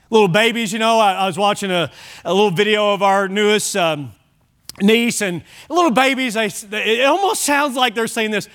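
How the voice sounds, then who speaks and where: A man preaching a sermon as pastor, driving points home with shouted emphasis and rhetorical questions. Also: high-pitched, animated, moderate pace.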